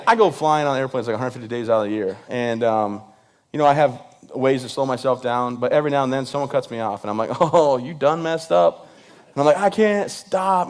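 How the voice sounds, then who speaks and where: A man in his thirties giving a joking speech to a live audience, playfully acting out the voices of people he quotes. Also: medium pitch. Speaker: event speaker.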